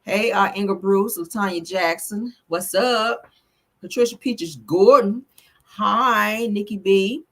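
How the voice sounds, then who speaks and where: A woman's voice: medium pitch, slow pace, fairly bright tone. A woman hosting a casual live stream, a little tipsy, chatting and swearing freely and calling her viewers honey and child. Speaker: host of a live gossip stream.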